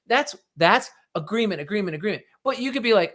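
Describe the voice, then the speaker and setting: A middle-aged man with a slightly high voice talks through business advice on a podcast. He is animated and conversational, and he slips into quick acted-out bits of dialogue to make his point. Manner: animated, acts out little dialogues. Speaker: podcast host.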